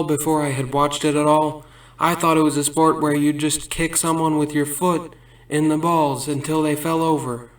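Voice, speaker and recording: Guy cracking cheesy jokes and laughing at himself, kinda high voice, far off mic in an echoey room. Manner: laughs at his own jokes between bits; rambling absurd storytelling. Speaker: comedian. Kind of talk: stand-up joke telling. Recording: roomy sound from a distant mic.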